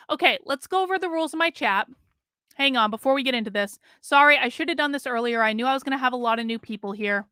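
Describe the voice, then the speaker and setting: A woman's voice: fairly high pitch, sharp tone, dry recording, clean studio sound. A woman hosting a livestream, talking bluntly and conversationally with lots of fillers as she reads out chat comments. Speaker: livestream host.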